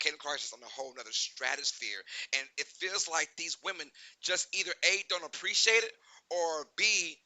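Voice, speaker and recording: A man hosting a sports talk show, giving animated, emphatic opinions and often asking "right?". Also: high voice, no echo, rough recording.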